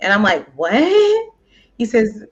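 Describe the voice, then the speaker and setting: A woman co-hosting a casual chat, rambling and animated with many filler words. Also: medium pitch, normal speed, highs cut off. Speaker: co-host.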